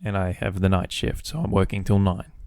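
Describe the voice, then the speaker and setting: A man's voice: low voice, little pitch movement, a little fast, a little mellow, dry recording, studio quality. A man hosting a podcast, telling a casual story about his workday with swearing, acting out both sides of phone calls. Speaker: podcast host.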